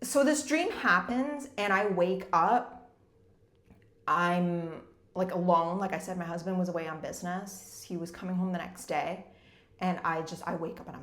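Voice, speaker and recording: A woman's voice: fairly low pitch, moderate pace, a bit bright, roomy sound. Rambling woman telling a personal story. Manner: rambling, fills nearly every phrase with "like". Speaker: debut novelist and former corporate executive. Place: her home in Munich.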